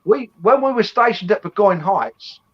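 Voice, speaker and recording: A middle-aged English man chatting on a live show in a fairly high voice. He talks bluntly and swears freely, full of old army banter and quick jabs at his co-host. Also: expressive, muffled recording. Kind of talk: casual chat.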